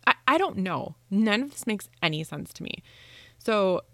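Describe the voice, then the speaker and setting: A woman podcast host telling a ghost story in casual chat, animated and swearing freely, acting out the voices she quotes. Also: medium pitch, normal speed, no room sound.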